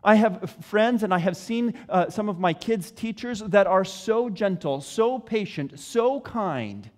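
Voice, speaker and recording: A man with a high voice preaches with earnest, searching questions and deliberate pauses. His voice rings with a long reverb. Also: expressive. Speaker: pastor. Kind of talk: sermon.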